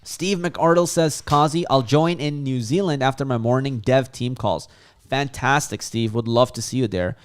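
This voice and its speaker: A man's voice: medium pitch, normal speed, smooth. A man from Chicago hosting a casual livestream and reading viewer comments aloud with lots of hype. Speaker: livestream host.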